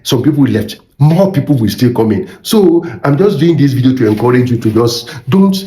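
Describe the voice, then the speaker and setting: A man's voice: mid-range voice, expressive, moderate pace, warm tone. A middle-aged Nigerian man with a Nigerian accent, a minister giving an earnest, preacherly motivational talk that repeats phrases for emphasis. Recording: echoey room.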